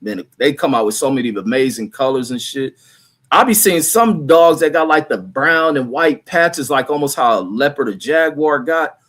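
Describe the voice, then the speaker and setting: A man's voice: mid-range voice, moderate pace, a bit bright. A middle-aged man hosting a livestream, reading viewer comments aloud and riffing on them in a blunt, profane, rambling way. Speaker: livestream host.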